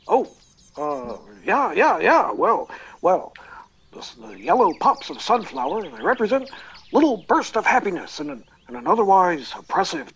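A man playing a gloomy, paranoid male painter who stammers and erupts into shouts. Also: on the high side, creaky, slightly rough, muffled recording, exaggerated voice.

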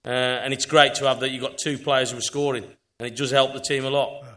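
A man's voice: mid-range voice, level tone, brisk, fairly bright tone. A man giving matter-of-fact football analysis on a live panel. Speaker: football pundit.

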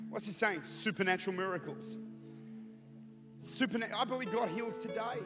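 High-voiced preacher in an echoing hall. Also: male voice, brisk. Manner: humorous, rising to fervent prayer. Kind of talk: sermon with storytelling. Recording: reverberant hall with music.

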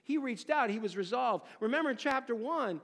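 A man preaching an expository sermon, dramatic and questioning, swinging between loud exclamations and near-hushed phrases. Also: very high-pitched, lively intonation, fairly quick, long reverb tail. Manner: asks the listeners rhetorical questions. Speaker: pastor.

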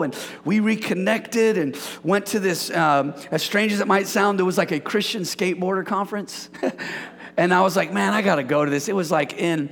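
A man in his forties delivers a lively sermon, his voice pitched high with a gravelly edge. He jokes and teases the congregation as he goes. The sound carries a long reverb from the church hall. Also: moderate pace. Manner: playful, energetic, joking with the congregation. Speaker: pastor. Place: church sanctuary.

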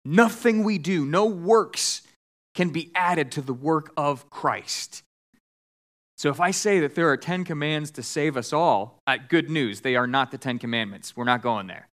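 Man, pastor, sermon, fairly high voice, animated storytelling, church sanctuary. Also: measured pace. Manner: animated joke-telling, raising voice for characters.

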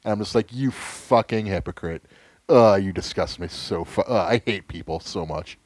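A young man co-hosting a casual podcast chat, ranting sarcastically with lots of swearing and sudden loud outbursts. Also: low voice, fairly quick, no echo. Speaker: podcast co-host.

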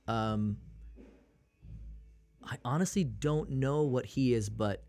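A man's voice: mid-range voice, slow pace, mellow, soft background music. A man from Maine co-hosting a podcast, chatting casually and playfully with frequent restarts. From Maine, USA. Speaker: podcast co-host. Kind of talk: casual chat.

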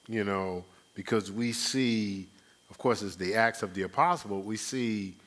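A man with a fairly low voice preaches in a relaxed, conversational way. He leans into quoted back-and-forth exchanges, his voice climbing as he acts them out, and laughs lightly between points. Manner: animated, acts out quoted exchanges with rising pitch; frequent fillers and restarts, chuckles. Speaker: pastor. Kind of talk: conversational sermon teaching.

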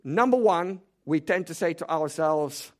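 A man's voice: a little high, expressive, a little slow. A man preaching a sermon, emphatic and direct, firing rhetorical questions at the congregation. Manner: direct, speaks to the congregation as "you".

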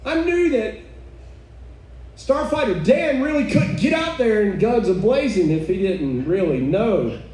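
A woman's voice: medium pitch, animated, measured pace, mellow. A woman preaching a sermon to a live audience, fervent and exclaiming, with chuckling asides. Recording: echoey room, mic far off, faint noise.

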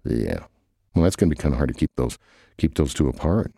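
A man's voice: a bass voice, big pitch swings, fairly quick, vocal fry, dark tone, husky, dry recording, studio quality. A man rambling hesitantly through silly, improvised comic banter.

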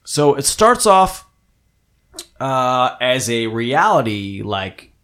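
A man's voice: mid-range voice, slow. A man in casual podcast chat, swearing freely and acting out quotes as he tells stories. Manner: excitable storyteller, swears freely, acts out quotes. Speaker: podcast host.

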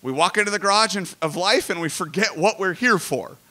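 A man in his forties preaching a sermon in a conversational, animated way with jokey asides. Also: sits high, brisk. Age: 40s. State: emotional. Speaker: pastor.

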